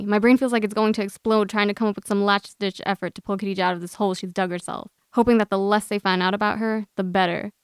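Young woman guest reading her own story, smooth and clear voice, close and dry. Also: mid-range voice, no echo. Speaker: guest author. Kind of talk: reading a personal essay aloud.

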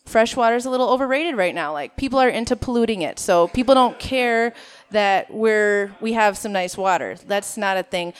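A woman stand-up comedian from Minnesota performs at a live show, nervous and self-mocking as she chats with the crowd. Her mid-range voice is smooth and moves at a normal speed.

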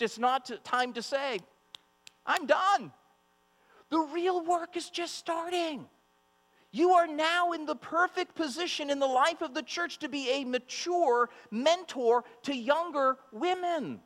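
A male preacher delivers a sermon and speaks straight to the women listening. He is emphatic and repeats himself for weight, in a high voice. The long reverb of a hall and a faint mains hum sit behind him. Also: fairly bright tone.

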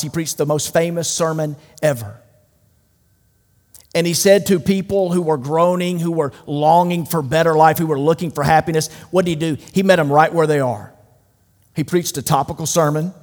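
A man preaching a sermon to a large room, emphatic and swinging from loud declarations to hushed asides. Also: on the high side. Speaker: pastor. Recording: long hall reverb.

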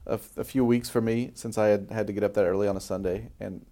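Fast-talking mellow-voiced man co-host. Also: on the low side, fairly even intonation. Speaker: podcast co-host, news anchor. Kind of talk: casual chat.

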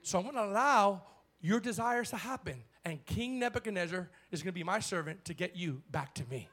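A male pastor preaching a bold sermon in church, swinging from shouted lines to hushed ones. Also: high-pitched, animated, fairly quick.

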